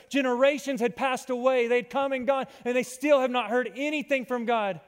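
A man preaching a sermon as pastor, swinging from loud calls to hushed, intimate lines. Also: very high-pitched, steady tone, a little fast, few pauses, smooth. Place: church hall with long reverb. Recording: reverberant church hall.

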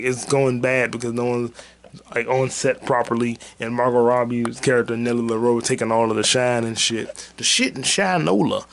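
A man's voice: medium pitch, gravelly. A man hosting a solo podcast, rambling through a movie review in a profane, joking way. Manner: rambling, profane, jokey, puts on silly voices for quotes. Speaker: podcast host. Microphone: mic on camera.

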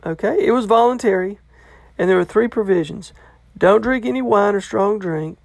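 Gravelly, casual Bible study teacher. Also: medium pitch, moderate pace, no echo. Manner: loose and conversational, checks in with "okay?"; paraphrases a commentator and passages in plain words.

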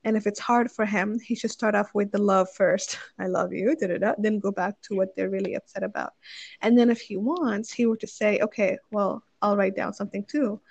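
A woman's voice: mid-range voice, normal speed, creaky, a little mellow, slightly rough, no echo. A woman casually summarizing a relationship book, chatty and rambling, with many fillers and restarts, and acting out quoted lines in little voices. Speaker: book reviewer. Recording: dry, slightly muffled recording.

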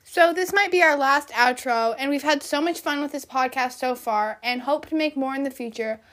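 A high, bright-voiced young woman co-hosts a casual podcast, upbeat and quick to giggle. Her tone stays chatty and friendly throughout. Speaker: podcast co-host.

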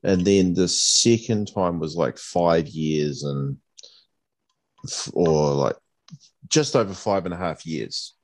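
Deep-voiced relaxed New man. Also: slow pace. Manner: relaxed, rambling recollection. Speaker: podcast co-host. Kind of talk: casual chat.

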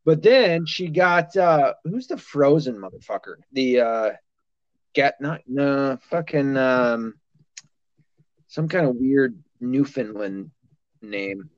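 A man's voice: medium pitch, expressive, takes it slowly, no echo, lo-fi sound. A man in his thirties hosting a podcast in a casual chat, swearing freely and laughing often. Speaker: podcast host.

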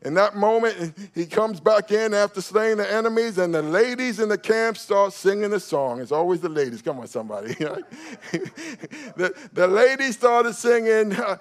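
A man's voice: high-pitched, brisk, few pauses. A man preaching a sermon as pastor, calling on the congregation to respond and building to fervent exhortation with frequent fillers and restarts.

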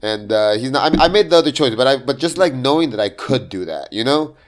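A man telling a profane story about his taco stand in a casual chat, quick to act out what people said. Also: medium pitch, animated. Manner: fast, profane storytelling with acted-out quotes. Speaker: taco vendor.

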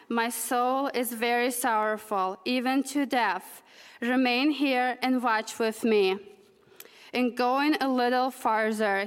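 A woman with a Russian accent reading scripture aloud in church, slow, careful and deliberate. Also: on the high side, clean tone. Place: church sanctuary. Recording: reverberant church hall.

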